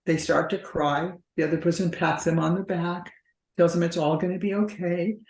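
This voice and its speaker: A woman's voice: on the low side, fairly even intonation, normal speed, darkish tone. A woman couples therapist explaining patterns in a conversational interview, often acting out what partners say. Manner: acts out partners' voices in quoted dialogue. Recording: roomy echo.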